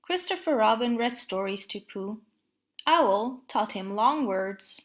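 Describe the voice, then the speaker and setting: A woman reading a storybook aloud in a calm, even voice. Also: on the high side, slow. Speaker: storybook reader.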